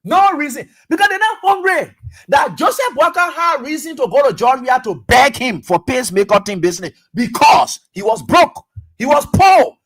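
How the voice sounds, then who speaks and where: Radio host, high voice, emphatic, repetitive, rhetorical questions. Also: sing-song, normal speed, a bit bright. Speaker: radio talk show host. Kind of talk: political commentary.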